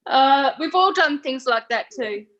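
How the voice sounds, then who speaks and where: A woman's voice: high voice, expressive, a bit bright, dull audio. A woman in a casual video-call chat who laughs along easily with the others. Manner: giggly, quick to laugh along.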